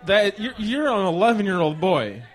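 A man in his thirties hosting a comedy podcast, trading deadpan comebacks in improvised banter. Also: sits high, a faint crowd. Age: 30s. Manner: playful, quick deadpan comebacks. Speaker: podcast host.

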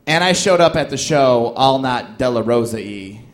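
A male stand-up comedian, appearing as a guest, riffs in loose, joking banter full of fillers and laughter. His mid-range voice is expressive and moves at a normal speed, mixing comic banter with a stand-up bit.

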